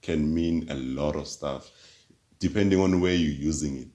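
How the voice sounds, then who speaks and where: A man, hosting a podcast in relaxed chat and laughing often. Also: extremely low pitch, moderate pace. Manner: laid-back, laughs often. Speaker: podcast host. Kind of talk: casual chat.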